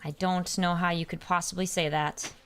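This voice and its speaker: A woman's voice: fairly low pitch, flat delivery, moderate pace, clear, resonant tone. A young woman streaming a game, chatting casually, getting distracted, and answering her chat by name. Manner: playful, hums nonsense sounds while playing. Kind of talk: casual live-stream chat while gaming.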